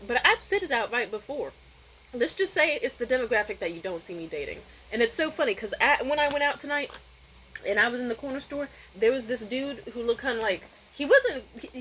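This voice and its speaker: Bright-voiced woman telling a rambling story. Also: fairly high pitch, slight background noise, rough recording. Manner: rambling, profane, candid, with frequent restarts. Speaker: vlogger. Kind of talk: casual storytelling vlog.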